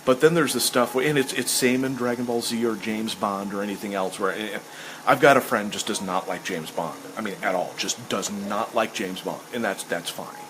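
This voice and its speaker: A man's voice: on the low side, moderate pace, background noise. Rambling, enthusiastic man chatting casually. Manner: rambling and enthusiastic, acts out quoted lines. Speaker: host. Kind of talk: casual chat while sketching.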